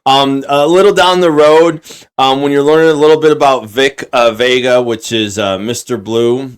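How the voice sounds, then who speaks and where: A man co-hosting a podcast and chatting casually. He rambles, swears freely and restarts his sentences often, with a voice of middling pitch. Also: steady tone, moderate pace, clear, resonant tone. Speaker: podcast co-host. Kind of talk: casual chat.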